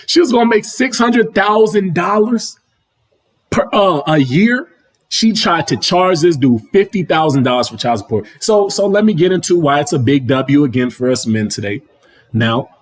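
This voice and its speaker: A young man with a husky, fairly high voice rants on his livestream from home. He sounds mocking and excitable, full of slang, and keeps turning to his chat. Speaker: livestream host. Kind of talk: opinionated livestream commentary. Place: home, apartment.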